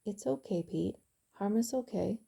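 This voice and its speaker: A woman voicing a calm, caring young heroine who speaks softly and soothingly, with a gravelly, dark voice. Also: mid-range voice, normal speed. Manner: soothing, soft-spoken.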